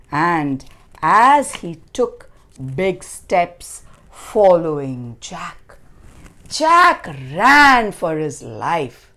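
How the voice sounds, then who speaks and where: A woman telling a children's fairy tale in an expressive, dramatic storytelling style, dropping to soft near-whispers in places. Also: low voice. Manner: expressive, slow, dramatic storybook reading with sound effects.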